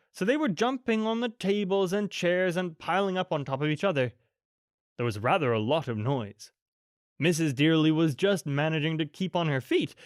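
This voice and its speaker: A man narrating a children's bedtime audiobook in a gentle, expressive storytelling manner. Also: a little high, no room sound, studio quality.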